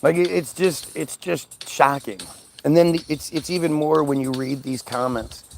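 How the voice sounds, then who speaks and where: Male commentator, sarcastic, profane ranter, raspy fry in a slightly high voice. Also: steady tone, moderate pace, a little mellow, a little hiss or hum. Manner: angry, profane, sarcastic ranting; mocks others in put-on voices. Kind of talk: ranting commentary video.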